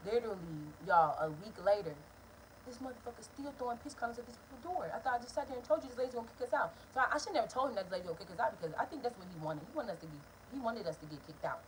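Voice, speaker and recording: A young woman vlogger telling a story, blunt and profane in an animated casual storytime. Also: fairly high pitch, racing, a little hiss or hum, rough recording.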